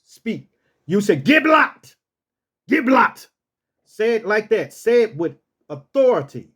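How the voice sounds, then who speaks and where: This male host tells a relaxed story with slow, easygoing pacing, his high voice mellow, lively in intonation and ranging widely in pitch. Every command, though, comes out as a rough drill-sergeant bark.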